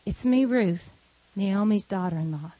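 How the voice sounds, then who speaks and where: A woman preacher voicing a humble young widow who speaks hesitantly and pleads softly. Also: mid-range voice, expressive, measured pace, no echo, voice pushed down. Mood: pleading.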